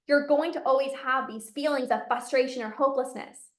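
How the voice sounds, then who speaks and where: A woman's voice: high-pitched, brisk, reverberant. A woman, a binge eating coach, giving an emphatic motivational talk to a live audience and repeating her key phrases.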